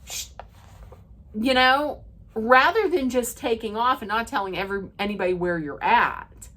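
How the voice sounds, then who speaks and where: A woman recapping a reality TV episode in a chatty, opinionated rant, full of "like" and restarts, sometimes acting out what the cast said in a lower voice. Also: normal speed, sharp tone. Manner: acts out quoted lines in a lower voice.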